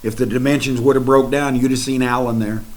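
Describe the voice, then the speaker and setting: Dramatic mid-pitched male preacher. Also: fairly even intonation, a little fast, low-quality recording. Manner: dramatic, swinging between hushed and loud; folksy, speaks directly to listeners. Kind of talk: sermon.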